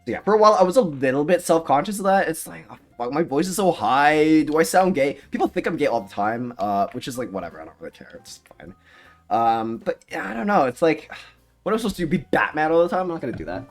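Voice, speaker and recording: Talking fast in a slightly high voice with lively intonation, this young man rambles casually on a live stream. He keeps drifting onto tangents, swears without restraint and laughs a lot.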